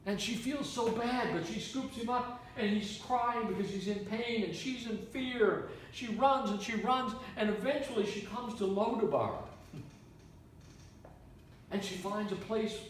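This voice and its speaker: A man from Canada, a preacher telling a story in a sermon with animated, repetitive delivery. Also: high voice, a little hiss or hum. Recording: echoey room, mic from far off.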